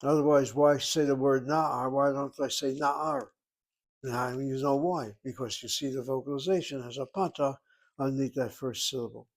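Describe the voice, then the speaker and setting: A man's voice: mid-range voice, steady tone, brisk. A man teaching a Hebrew class, explaining words and grammar step by step. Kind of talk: classroom lecture.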